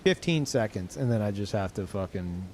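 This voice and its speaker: A young man streaming games, tired and low on energy, rambling in casual chat with lots of swearing, ums and restarts. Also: lively intonation, brisk, darkish tone, slight background noise. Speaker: game streamer.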